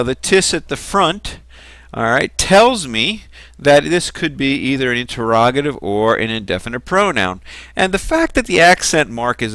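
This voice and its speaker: A man's voice: mid-range voice, fairly bright tone, clear, resonant tone, no room sound. A man giving a recorded lecture on Greek grammar, explaining patiently and methodically.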